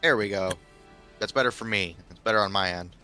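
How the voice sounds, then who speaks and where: A man's voice: lowish voice, fairly quick, sharp tone, faint music behind. A man playing a tabletop game over a voice call, making dry jokes. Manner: dry, joking. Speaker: player. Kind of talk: casual tabletop game chat. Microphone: voice chat call.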